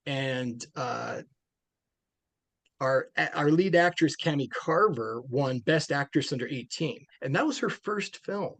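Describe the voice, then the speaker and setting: A man's voice: mid-range voice, animated, measured pace, creaky, fairly bright tone, no room sound. Chatty man with many restarts. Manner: rambling, with many restarts and fillers. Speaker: film director guest. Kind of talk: casual interview talk.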